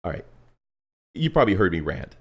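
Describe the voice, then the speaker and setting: A man hosting a casual live stream, telling stories in a lively, rambling way. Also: low voice, a little fast, creaky, breathy edge. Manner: animated storytelling, rambling with restarts.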